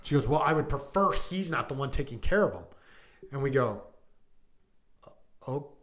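The deputy's medium-pitched voice is fairly bright, with lively intonation at a normal pace. Probably in his thirties, he tells the story of a call in easygoing podcast talk, full of "like" and "I go" and acted-out lines.

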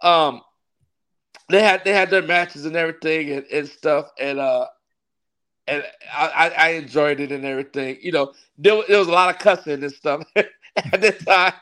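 Man, pastor, casual interview storytelling, somewhat high voice, animated, laughs often. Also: moderate pace. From California. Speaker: pastor and wrestling ring announcer.

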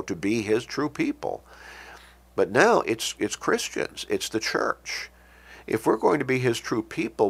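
A man preaching a sermon, reading scripture with emphasis and explaining it in a measured, pausing way. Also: lowish voice, creaky, breathy edge. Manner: emphatic, rising on scripture quotes, pausing and restarting.

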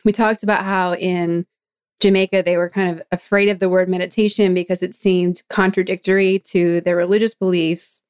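A woman with a slightly low voice hosts a conversational interview. She sounds engaged and laughs along with her guest. She asks reflective, thoughtful questions. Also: flat delivery, normal speed, darkish tone, smooth.

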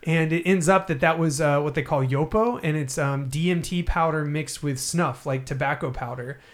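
A man's voice: fairly high pitch, normal speed. A man telling a long personal story in casual podcast chat, rambling and laughing often.

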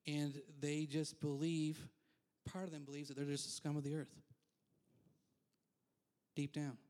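A man's voice: on the high side, flat delivery, measured pace, darkish tone. A man preaching a conversational sermon as pastor in a church, candid and self-deprecating, with frequent asides.

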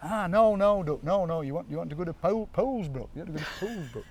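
A man with a Northern English accent voicing a gruff old Chesterfield local who insists on sending him somewhere else. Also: high-pitched, expressive, fast, pitched above the performer's own voice. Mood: insistent. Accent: Derbyshire. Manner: insistent, brushing off the question.

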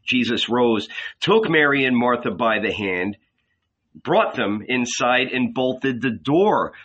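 Casting: deliberate male narrator, bright, husky tone, slow and expressive. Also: mid-range voice, lo-fi sound. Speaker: audiobook reader. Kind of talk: dramatic literary narration.

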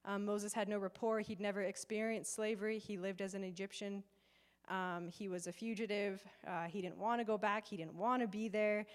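A woman giving a conversational sermon to a live gathering, chatty and animated, with frequent fillers. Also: medium pitch, moderate pace, clear, resonant tone. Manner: chatty and animated, acts out quoted voices, many fillers. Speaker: preacher. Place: in person before a live gathering with slides.

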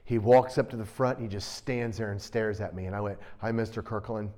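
A man's voice: on the low side, a little fast. Intense, emphatic male preacher. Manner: intense, direct, challenging delivery; swings from quiet storytelling to loud emphatic preaching. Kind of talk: sermon.

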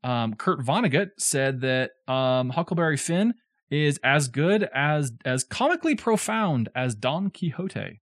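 A man's voice: a little high, animated, measured pace, a bit bright, no room sound, studio quality. A man from the southern United States co-hosting a podcast, explaining a classic novel in casual, digressive chat with joking asides.

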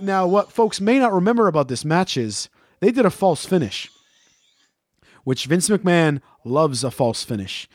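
Animated high-voiced man telling stories. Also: moderate pace, dry recording, studio quality. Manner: animated, profane, acts out chants and shouts. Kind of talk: casual storytelling chat.

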